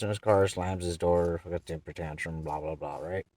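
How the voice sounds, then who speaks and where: A man's voice: low-pitched, steady tone, normal speed, few pauses, darkish tone, no room sound, distant mic. A young man telling a rambling story in casual, profane slang as a vlogger.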